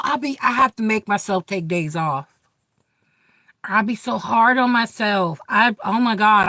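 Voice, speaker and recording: A woman's voice: on the low side, pushed and bright, no echo. A middle-aged woman hosting a casual live tarot chat, blunt and chatty, with frequent swearing as she talks straight to her viewers. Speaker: tarot reader and live stream host.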